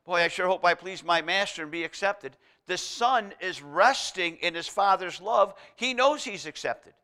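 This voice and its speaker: A man preaching with a high, bright, ringing voice. He hammers home his points through paired contrasts and reads scripture aloud between them. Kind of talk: sermon.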